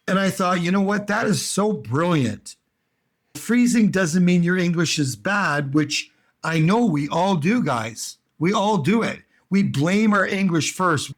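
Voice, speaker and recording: Man, fairly high voice, English coach, emphatic, animated, repeats himself, casual lesson. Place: home in Brazil.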